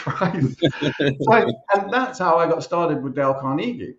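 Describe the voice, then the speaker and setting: A man's voice: fairly high pitch, moderate pace, a little hiss or hum. Irish man, podcast guest, casual storytelling, echoey room, dull lo-fi sound. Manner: animated, chatty, swears casually. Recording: roomy, dull recording.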